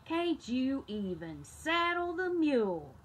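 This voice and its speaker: A woman doing a slow-talking stunned farmer. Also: sits high, big pitch swings, slight background noise, voice pushed up, full character voice. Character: gruff, stunned middle-aged farmer.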